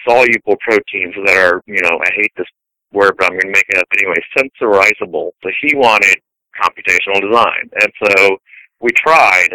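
Bright, crisp-voiced storytelling man. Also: deep voice, brisk, no room sound, poor audio. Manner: rambling anecdotal storyteller. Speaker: scientist guest. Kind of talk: casual conversational interview.

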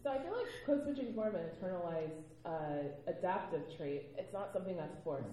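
A woman talking on a panel, animated and quick to laugh, acting out the people in her stories. Her voice sits low and mellow. The room around her is very echoey, with faint ambience behind. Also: a little hiss or hum. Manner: animated storyteller, laughs often, acts out quoted voices. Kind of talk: panel discussion.

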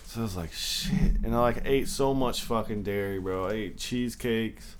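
A young man telling a rambling story in casual, profane talk, animated when he acts out the scenes. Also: fairly low pitch, normal speed, a little hiss or hum. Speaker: podcast guest.

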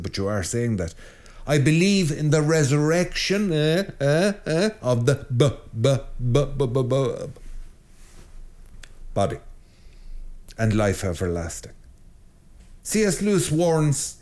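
Middle-aged priest guy joking around, lively delivery, stumbles over his words a lot. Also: lowish voice. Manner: animated, joking, with frequent restarts and stammers. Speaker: priest and show host. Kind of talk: informal spiritual talk.

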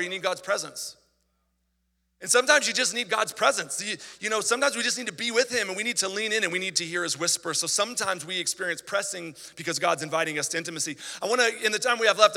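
Male pastor, chatty animated sermon style, brassy edge, reverberant church hall. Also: sits high, vocal fry. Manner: animated, conversational preaching with asides.

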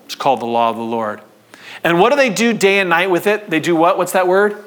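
A man preaching a sermon to his congregation in a church, conversational and animated, with call-and-response. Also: sits high, fairly quick. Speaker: pastor.

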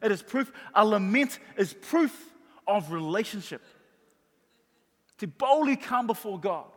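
A man's voice: sits high, animated, measured pace. A middle-aged man preaching a sermon, telling stories and stressing his points by repeating them. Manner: warm storytelling with emphatic repetition. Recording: long reverb of a large hall.

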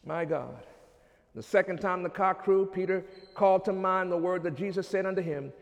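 A man preaching a sermon, using call-and-response and building to shouts. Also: high-pitched, moderate pace, big-room sound. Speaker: pastor.

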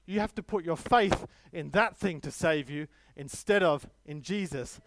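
A man's voice: on the high side, a little slow, vocal fry, background noise. A man preaching a sermon, emphatic, with stories and light self-deprecating humor.

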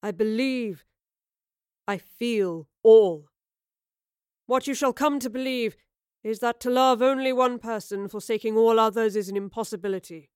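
A man's voice: very high voice, unhurried, clear, resonant tone, dry recording, studio quality. A woman reading a storybook voices a portly, melancholy man in his forties with formal, old-fashioned phrasing. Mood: impassioned. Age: 40s. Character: older man, portly, wounded, dignified, melancholy.

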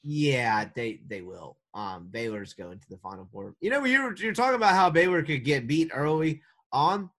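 A man co-hosting a casual sports podcast, talking in an animated, joking way with quick restarts. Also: a little high. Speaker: podcast co-host.

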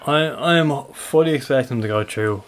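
A man's voice: mid-range voice, brisk. Irish male co-host, mid-range voice, understated and dry. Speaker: podcast co-host. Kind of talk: casual football podcast chat.

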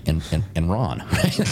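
A man's voice: low voice, darkish tone, slight background noise. A middle-aged man, a military veteran and guest, telling stories in a casual, rambling way with many fillers, curse words and laughs. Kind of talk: casual storytelling in a conversation.

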